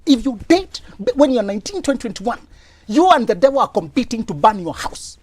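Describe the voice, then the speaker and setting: A man giving blunt, forceful relationship advice on a talk show, in a lively, preachy manner. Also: extremely high pitch, brisk, dry recording.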